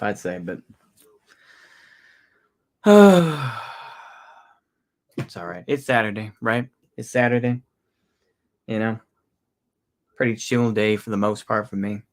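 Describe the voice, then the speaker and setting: Rambling Texan man chatting on a livestream. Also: fairly low pitch. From Texas. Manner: rambling, halting, with many restarts and fillers. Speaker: livestreamer answering chat. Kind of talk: casual livestream chat.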